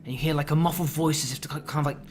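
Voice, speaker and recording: A man's voice: fairly high pitch, steady tone, rapid-fire, darkish tone, a little hiss or hum. Man narrating a horror tabletop game. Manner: loose, filler-heavy narration. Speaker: game master.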